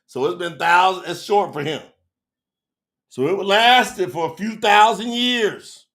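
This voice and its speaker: A middle-aged man teaches scripture to a live online audience. His voice sits high and carries a gravelly fry, and he moves between fervent shouts and hushed, intimate asides. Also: slow. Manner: fervent, preacherly, big swings from loud to hushed.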